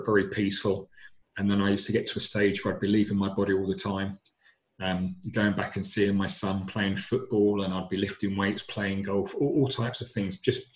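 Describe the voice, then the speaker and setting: A middle-aged man, telling his personal story earnestly and emphatically, often repeating his words. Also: on the low side. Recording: echoey room.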